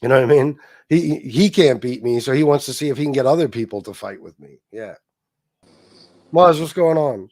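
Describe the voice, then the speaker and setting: A man's voice: medium pitch, fairly quick, darkish tone, dry recording. Livestream host, male, blunt and profane, dry close mic. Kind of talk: casual livestream chat.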